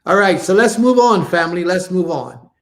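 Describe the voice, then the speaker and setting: Animated and fairly high-pitched, this man speaks at a normal speed as he leads a religious service streamed live online. His preaching is casual and repetitive for emphasis, and he addresses the audience as family.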